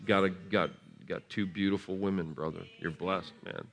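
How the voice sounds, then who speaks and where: A man preaching at a revival service in a church, laughing and shouting bursts, gentle with the children he blesses. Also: low voice, steady tone, moderate pace. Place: church sanctuary.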